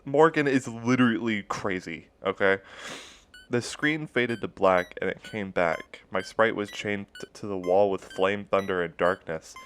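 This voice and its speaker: A young man with a fairly low, slightly bright voice reads a creepypasta aloud at a somewhat slow pace, speaking the punctuation marks and cutting in with sarcastic asides. It's a casual reading with his own commentary, and there's slight background noise.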